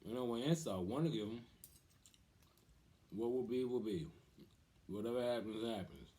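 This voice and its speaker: A man's voice: medium pitch, animated, normal speed, mellow. A young man, a vlogger, casually telling a story during a mukbang in a laid-back, slangy way.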